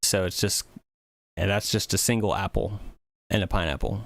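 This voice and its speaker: A man's voice: low-pitched, moderate pace, gravelly, a bit bright. A man chatting casually on a music livestream, rambling and thinking aloud with many fillers. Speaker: music streamer.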